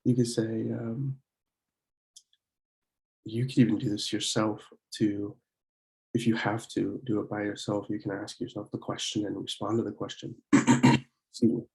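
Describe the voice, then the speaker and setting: A young man teaching a French lesson from slides, slowly repeating words and often clearing his throat to correct himself. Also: on the low side, flat delivery, darkish tone, rough recording. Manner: slow, repeated pronunciation drills. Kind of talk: slide-based language lesson.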